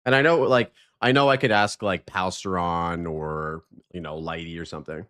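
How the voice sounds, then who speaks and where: A man's voice: deep voice, fairly even intonation, normal speed, few pauses, a bit bright. A man hosting a live stream, chatting casually, greeting viewers and joking.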